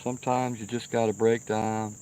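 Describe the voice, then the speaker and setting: A man's voice: on the low side, little pitch movement, normal speed, dark tone, slight background noise. A middle-aged man hosting a livestream, telling a rambling, profane story outdoors and often checking in with "okay?". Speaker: livestream host. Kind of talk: casual storytelling. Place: outdoors by a fire pit at night.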